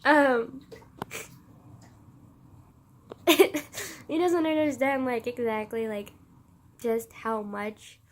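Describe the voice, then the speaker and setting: A woman's voice: high voice, slow pace, pauses often. Teary rambling young-sounding woman vlogger. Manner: rambling, says "like" constantly, laughs through tears. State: teary, emotional. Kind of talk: emotional confessional vlog.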